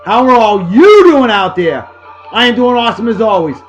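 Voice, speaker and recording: A man's voice: sits high, sing-song, normal speed, dull audio, faint music behind. A man from Massachusetts with a Boston-area accent, hosting a casual beer-tasting vlog at his home desk in a hammy, jokey way. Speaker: beer review show host.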